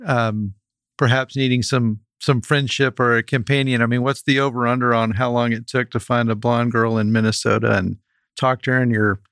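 Male podcast host with halting questions. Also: mid-range voice, fairly even intonation, a bit bright, dry recording. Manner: halting questions with restarts, laughs along. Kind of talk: casual interview.

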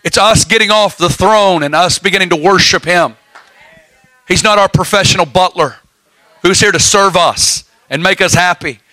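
Bright high-voiced fervent male preacher. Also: normal speed, hardly any pauses, no echo. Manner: fervent, exhorting, laughs often. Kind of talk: sermon.

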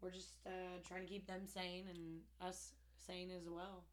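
A woman's voice: lowish voice, completely flat delivery, unhurried, crowd noise. A woman co-hosting a podcast, telling stories in a chatty way, laughing and swearing. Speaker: podcast co-host. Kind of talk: casual podcast chat.

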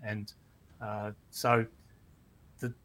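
A man's voice: on the low side, flat delivery, extremely slow, a bit bright. A man, a theology lecturer speaking as a podcast guest, answering in a thoughtful, hesitant way. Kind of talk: casual discussion.

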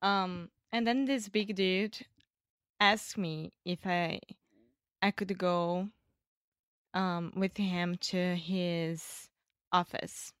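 Slow, hesitant Brazilian woman speaking English. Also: lowish voice, fairly even intonation, fairly bright tone, smooth, no echo, studio quality. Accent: Brazilian Portuguese. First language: Portuguese. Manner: hesitant, searching for words. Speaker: English student. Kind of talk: casual storytelling.

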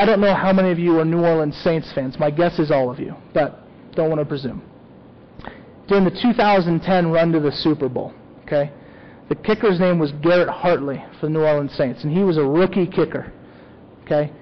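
A man's voice: fairly high pitch, a little fast, dull audio. A man preaching a sermon as a pastor, talking conversationally and often checking in with "okay?".

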